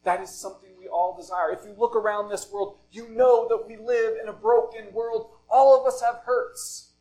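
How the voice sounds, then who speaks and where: A male pastor delivers a sermon in deliberate, measured phrases, his voice sitting fairly high for a man. He often lets a thought sink to a soft, low finish before going on. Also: steady tone, low-quality recording.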